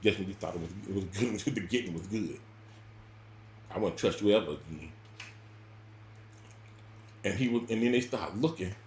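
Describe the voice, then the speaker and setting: A man telling a personal story in casual spoken style, rambling and repeating words, with sudden loud bursts and quiet drops. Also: sits low, moderate pace, long pauses, roomy sound, a little hiss or hum.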